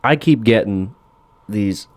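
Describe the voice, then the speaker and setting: A man's voice: on the low side, takes it slowly, no room sound. A male podcast co-host in casual chat, sarcastic and swearing as he rants and mimics people. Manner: sarcastic, swears a lot, mimics voices while ranting. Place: podcast recording room.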